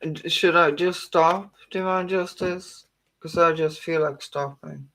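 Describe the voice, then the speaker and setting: A man giving an emotional tarot reading, talking earnestly with long pauses. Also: a little high, steady tone, sharp tone, poor audio. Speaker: tarot reader.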